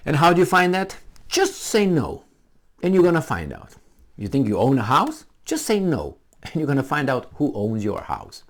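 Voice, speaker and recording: A man's voice: on the high side, huge pitch swings, moderate pace. A middle-aged man giving a combative, sarcastic commentary full of rhetorical questions. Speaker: political commentator. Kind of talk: ranting commentary.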